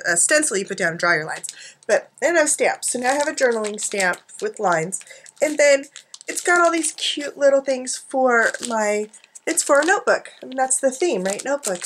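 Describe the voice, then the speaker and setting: Rambling middle-aged woman vlogger, high bright voice, giggly, talks to a desk camera. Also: a little hiss or hum. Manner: chatty, giggly, self-mocking asides. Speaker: art journaling vlogger. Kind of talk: rambling casual chat to camera. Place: home craft desk, indoors.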